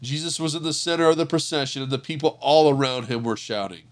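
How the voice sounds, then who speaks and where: A man reading a Bible passage aloud in a measured, earnest narrating voice. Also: a little high. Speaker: scripture reader. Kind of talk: scripture reading.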